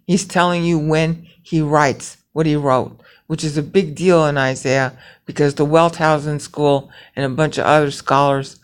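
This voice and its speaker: A woman with a very low voice gives a Bible lesson from a hospital bed while ill. She explains step by step, keeps checking in with the listener, and slows down to chant the Hebrew syllables one at a time. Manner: explanatory, with frequent "okay?" check-ins. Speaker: Bible teacher. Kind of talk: recorded teaching. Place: hospital room.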